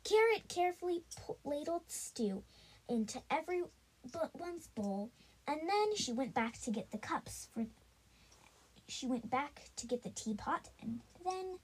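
A woman spins a homemade story slowly, stopping and restarting her sentences often. Her voice is high and moves animatedly up and down. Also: very animated, rough recording. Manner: halting, with many restarts and fillers. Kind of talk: improvised storytelling.

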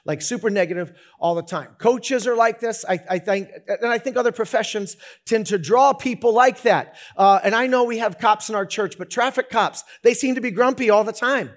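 A man preaching a sermon as pastor, talking in an animated, conversational way with many restarts. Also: high-pitched, moderate pace, hardly any pauses.

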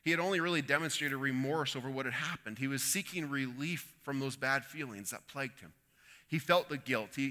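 A man's voice: fairly high pitch, sharp tone, big-room sound. A man preaching a sermon, telling a story and acting out the quoted lines with rising and falling intensity. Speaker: pastor.

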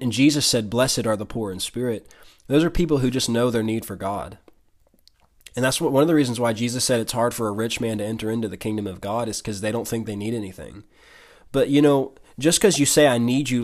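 A man preaching a sermon in an earnest, conversational way, often restarting a phrase and laughing briefly now and then. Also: mid-range voice.

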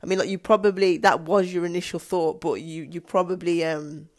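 Low-voiced woman, hesitant retelling. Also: fairly even intonation, fairly quick. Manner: hesitant, many ums and restarts. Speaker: film discussion vlogger. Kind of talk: casual plot retelling.

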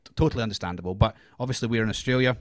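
A man's voice: on the low side, very fast, dry recording. Rambling Scottish man co-hosting a podcast. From Scotland. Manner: rambling, many restarts and fillers, laughs often. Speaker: podcast co-host. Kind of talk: casual podcast chat.

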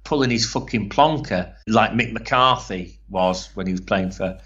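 A man's voice: lowish voice, unhurried, fairly bright tone, muffled recording. A man co-hosting a casual chat, blunt, opinionated and swearing freely. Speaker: podcast co-host.

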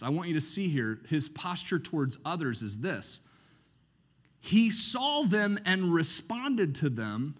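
A man preaching a sermon, who often pauses so that the congregation can finish his sentences. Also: mid-range voice, fairly bright tone. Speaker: pastor.

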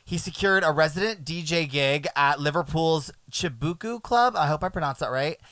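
A man hosting a music podcast, chatting casually in a playful, animated way that often trails off quietly. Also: fairly high pitch, normal speed, no echo. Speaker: podcast host.

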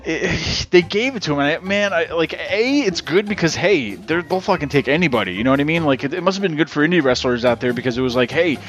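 A man's voice: a little high, lively intonation, fast, few pauses, a bit bright, highs cut off, faint music behind. A man hosting a podcast in casual chat, rambling and swearing freely. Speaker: podcast host.

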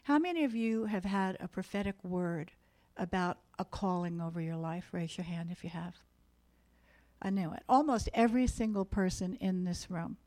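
A woman's voice: on the low side, animated, moderate pace, a little mellow. A woman preaching a sermon in a church meeting room, earnest and exhorting as she speaks to the room.

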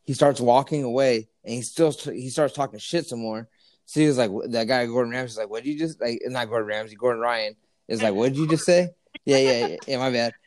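A man chatting casually with a friend, his speech crowded with fillers and curse words as he tells a story. His voice sits at a middle pitch. The recording is dry and close, with no room sound. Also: fairly quick, dry recording. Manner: profane, animated storytelling with lots of fillers. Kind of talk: casual chat.

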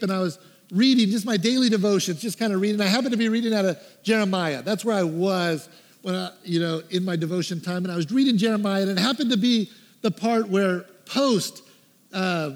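A man with a high, bright-sounding voice preaches a storytelling sermon, acting out his own prayers and quoting the people he met. His voice rings out with a long reverb, as if he is filmed in a big hall. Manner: animated, acts out his own prayers and quotes. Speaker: pastor.

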